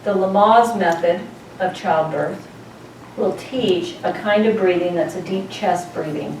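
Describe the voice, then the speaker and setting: Childbirth teacher in an echoey classroom. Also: female voice, mid-range voice, unhurried, a little mellow. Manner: storytelling, asks the class questions. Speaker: childbirth educator. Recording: roomy, distant, faint room noise.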